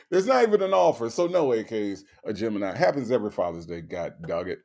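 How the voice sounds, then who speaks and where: A man's voice: a little fast, creaky. A man hosting a casual livestream, reading viewers' chat messages aloud and ranting, often profane. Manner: animated, swings high in pitch when ranting, profane; reads chat comments aloud and greets viewers.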